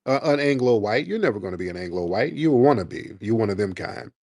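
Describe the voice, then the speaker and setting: A man's voice: fairly low pitch, big pitch swings, quick pace, darkish tone, no echo, studio quality. A man hosting a radio-style show with callers, mocking and combative, talking over the caller. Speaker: host taking callers. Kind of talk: heated call-in debate.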